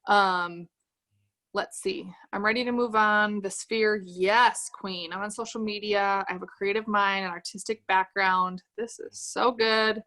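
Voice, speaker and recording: A woman's voice: mid-range voice, fairly even intonation, measured pace, pushed and bright. A woman leading a sales team on a livestream, giving an upbeat motivational talk and reading comments from the chat aloud. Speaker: direct-sales team leader.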